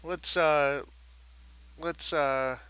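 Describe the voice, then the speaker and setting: Bright-voiced man running a tabletop game. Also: fairly high pitch, fairly even intonation, drawn-out words, clean tone, no echo. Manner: thoughtful, with many fillers. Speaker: game master.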